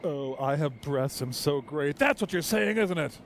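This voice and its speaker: A man's voice: a little high, expressive, normal speed, slight background noise. A man making silly quips and mock songs over a film. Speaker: movie riffer. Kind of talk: comic riffing over a film. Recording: film music underneath.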